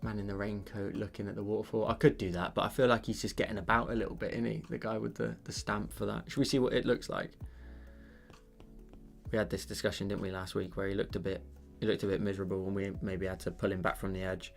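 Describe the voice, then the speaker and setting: Gravelly man streaming his painting. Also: lowish voice, level tone, fast, faint music behind. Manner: rambling, thinks aloud, many fillers and restarts. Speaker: digital painting livestreamer. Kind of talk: casual livestream chat while painting.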